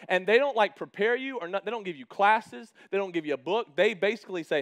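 A male pastor in his thirties with a high-pitched voice tells stories in a loose, conversational sermon. He jokes with the congregation and plays out both sides of his quoted exchanges. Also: fast talker, few pauses, clean tone. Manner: chatty and humorous, acting out quoted exchanges. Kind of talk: casual storytelling sermon.

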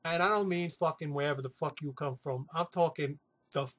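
A man talks straight to camera in loose, rambling chat, swearing freely and sliding into playful asides. His voice sits high for a man and carries a husky edge. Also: brisk, fairly bright tone. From New York City. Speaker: weight-loss vlogger.

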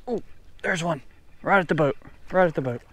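A man narrating a casual fishing vlog from a small boat on a creek, talking excitedly to the fish and his viewers. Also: on the high side, moderate pace. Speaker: fishing vlogger. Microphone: chest-mounted action camera.

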